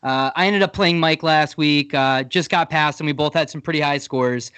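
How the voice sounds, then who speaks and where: A man's voice: a little high, normal speed, fairly bright tone, clear, resonant tone, no echo. A man co-hosting a casual podcast as a meteorologist over a video call, upbeat in manner. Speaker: co-host and meteorologist.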